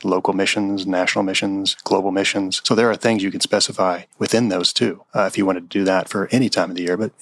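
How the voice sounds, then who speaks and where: Very deep gravelly guy, flat delivery, dry mic, just explaining church giving stuff plainly. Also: quick pace, hardly any pauses, no echo. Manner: plain, steady, matter-of-fact. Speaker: church controller, guest. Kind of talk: casual interview answers.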